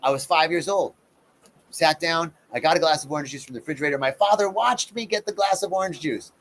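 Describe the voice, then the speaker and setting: A man's voice: a little high, quick pace, fairly bright tone. A middle-aged man, a spiritual practitioner, giving a casual live talk and acting out the voices in his own stories. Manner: conversational teacher, acts out voices in his stories. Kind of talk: live-streamed talk on personal growth.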